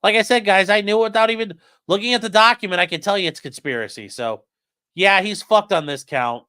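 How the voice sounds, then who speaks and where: Man host live-streaming, smooth voice, loose and profane, chatty asides to viewers. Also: sits high, a little fast, pushed and bright. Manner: rambling, profane, jokey asides to chat. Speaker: livestream host. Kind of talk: casual live-stream commentary.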